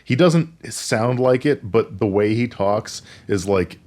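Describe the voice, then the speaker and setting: A man with a somewhat low voice co-hosts a casual movie-review podcast. He talks in a plain, halting way, working out his thoughts as he speaks in a small room beside his co-host. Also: expressive, a little mellow. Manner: halting, thinks aloud, plainspoken.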